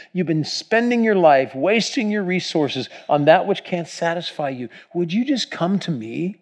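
A man's voice: mid-range voice, darkish tone. A man preaching a sermon, reading scripture aloud with emphasis and putting questions to his congregation. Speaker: pastor. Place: church.

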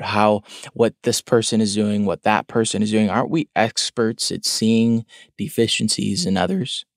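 A man's voice: fairly low pitch, no room sound, studio quality. A man preaching a sermon in an earnest, questioning way, repeating words for emphasis. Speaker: pastor.

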